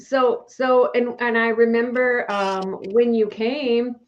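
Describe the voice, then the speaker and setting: A woman's voice: on the high side, level tone, takes it slowly. A woman hosting an interview, encouraging her guest and retelling past moments with animation. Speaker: host. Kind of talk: conversational interview. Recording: slightly dull recording with faint noise.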